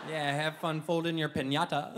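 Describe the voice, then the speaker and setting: A man's voice: a little high, lively intonation, normal speed. A man performing a stand-up comedy set, playful and sarcastic, slipping into voices for his bits. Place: comedy club stage. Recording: live stage mic, crowd laughter and room noise.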